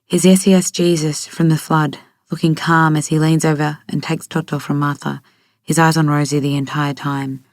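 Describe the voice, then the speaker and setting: A woman narrates an audiobook at a steady, even pace. Her voice sits low, and the recording is dry and close. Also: moderate pace, no room sound.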